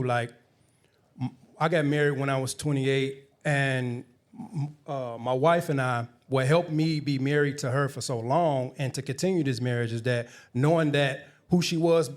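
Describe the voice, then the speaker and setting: A middle-aged man on a live panel, speaking in a reflective, conversational way. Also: medium pitch. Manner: reflective, conversational, with false starts.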